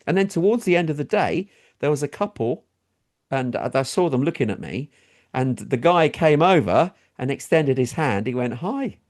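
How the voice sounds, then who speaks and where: In casual chat, a middle-aged talk show co-host from England tells an animated story at a moderate pace. His tone is darkish, and he switches to high voices to quote others.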